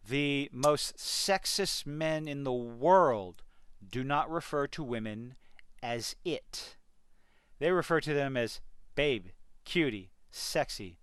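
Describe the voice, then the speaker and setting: Exasperated man ranting with a smooth voice. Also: a little high, lively intonation, takes it slowly, fairly bright tone, dry recording. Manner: exasperated, sarcastic, emphatic. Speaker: TV review vlogger. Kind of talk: ranting video review.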